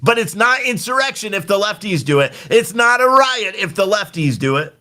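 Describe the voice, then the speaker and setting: Young guy from the us ranting angry on his stream, cussing a lot, highish voice. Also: sing-song, normal speed, pushed and bright. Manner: angry, exasperated, profane ranting. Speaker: livestream host. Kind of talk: ranting political livestream.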